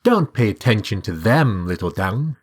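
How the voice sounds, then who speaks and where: A man's voice: on the low side, big pitch swings, normal speed, husky. A man voicing a talking bird in a storybook reading, soothing and condescending. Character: talking bird, patronizing consoler.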